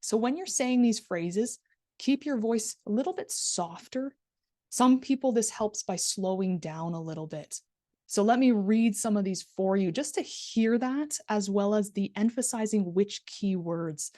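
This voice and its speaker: Woman, middle-aged, live online teacher, mellow voice, dry close mic, stresses key words. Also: medium pitch, measured pace, dry recording. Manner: models soft empathetic phrasing, stresses key words; speaks to a live class, asks for volunteers. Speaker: OET speaking teacher.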